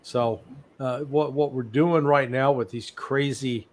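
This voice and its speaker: A man's voice: medium pitch, takes it slowly. Blunt, sarcastic older man commentator. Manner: blunt, sarcastic, animated storyteller. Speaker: guest analyst. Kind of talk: live interview commentary.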